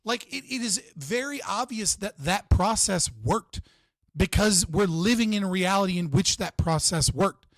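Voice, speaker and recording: A man's voice: high-pitched, lively intonation, moderate pace, fairly bright tone, no room sound. Profane man ranting on a live stream. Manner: profane, ranting, talks to chat. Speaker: streamer reacting to an interview. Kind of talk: casual live-stream commentary.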